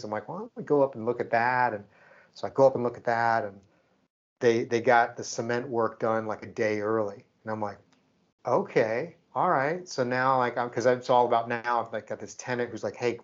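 This podcast co-host has a mid-range male voice and recounts a story in easygoing chat, animatedly performing the dialogue between people. The recording has its highs cut off.

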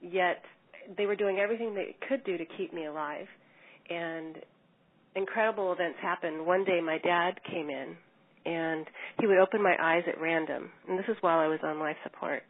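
Middle-aged woman, lowish husky voice, earnest first-person storyteller, heard over a thin phone-like line. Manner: earnest, measured telling with small restarts. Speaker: coma survivor telling her story.

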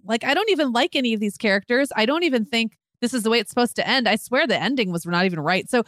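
A woman's voice: a little high, animated, very fast, few pauses, a bit bright, no room sound. Podcast cohost lady, blunt opinions, acts out her own thoughts, dry close mic. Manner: candid, emphatic opinions with quoted inner thoughts. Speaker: podcast co-host. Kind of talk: casual chat.

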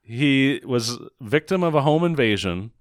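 A man's voice: mid-range voice, measured pace, no room sound, clean studio sound. A man co-hosting a podcast, recapping a movie in casual, sarcastic chat, swearing and acting out lines. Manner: animated, sarcastic, swears, acts out quotes. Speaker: podcast co-host.

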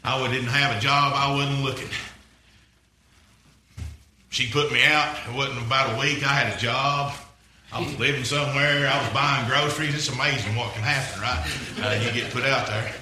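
A man's voice: medium pitch, steady tone, moderate pace, bright, forceful tone, echoey room, a little hiss or hum, rough recording. A man preaching a rambling, folksy story-sermon, repeating himself as he goes.

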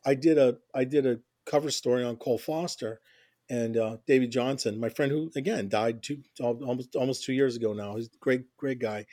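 A man's voice: mid-range voice, darkish tone, dry recording, clean studio sound. A middle-aged man telling stories in a casual interview, rambling with many restarts and constant "you know"s. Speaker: interview guest, music journalist.

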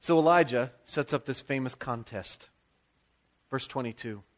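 An American man, a pastor, preaching a sermon in a conversational, animated storytelling way with frequent asides. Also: mid-range voice, moderate pace.

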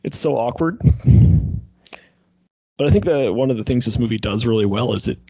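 Husky-voiced man in casual movie chat. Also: mid-range voice, moderate pace, no room sound. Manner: rambling, animated retellings of scenes. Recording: dull lo-fi sound.

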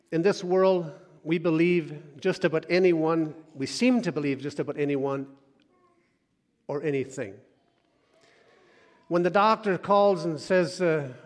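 A man preaching a sermon, moving between loud urging and soft, hushed asides. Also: on the high side. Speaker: pastor. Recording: long hall reverb.

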